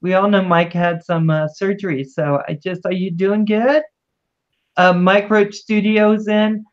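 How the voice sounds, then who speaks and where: A woman's voice: medium pitch, fairly even intonation, a little slow, muffled recording. A woman hosting a livestream, chatting casually and greeting viewers with affectionate words. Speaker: livestream host.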